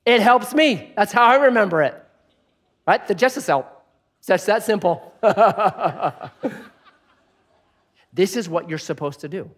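A male pastor giving a sermon, telling stories with humor and dropping soft for prayerful points. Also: high-pitched, takes it slowly, long pauses, husky. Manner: animated storytelling with jokes.

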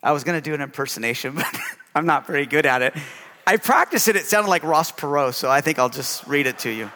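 A man's voice: on the high side, animated, a little fast, pauses often, bright, forceful tone, big-room sound. A male pastor preaching a sermon with emphasis, often calling out for an amen.

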